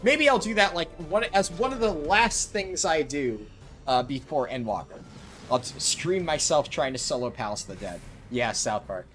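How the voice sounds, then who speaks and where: A man from New Jersey chatting casually while streaming a video game, relaxed and talkative as he reacts to his chat. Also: a little high, normal speed, soft background music. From New Jersey, USA.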